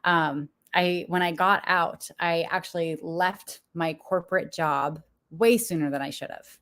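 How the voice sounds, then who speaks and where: Woman, young adult, slightly low voice, frank confessional coach, laughs often. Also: a little slow, a bit bright. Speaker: business coach. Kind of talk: candid motivational talk to viewers.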